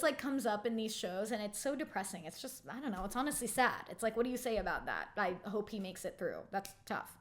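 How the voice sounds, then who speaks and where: A woman in her twenties talks through a reality TV episode in a chatty, opinionated way, with a voice set a little high for a woman. Her talk runs loose and casual, packed with "like" as she gives her takes. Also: sharp tone. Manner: chatty and opinionated, heavy use of "like". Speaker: reality TV recap vlogger.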